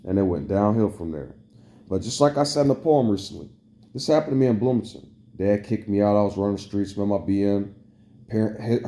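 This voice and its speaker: A man's voice: lowish voice, mellow. A young man, ranting to camera in a heated, profane, repetitive way. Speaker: vlogger. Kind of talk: angry rant to camera.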